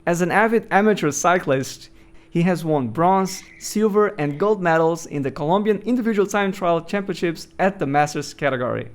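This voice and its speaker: Smooth-voiced male interviewer. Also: high-pitched, normal speed. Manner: friendly, with many "uh" fillers. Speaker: podcast interviewer. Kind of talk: interview hosting.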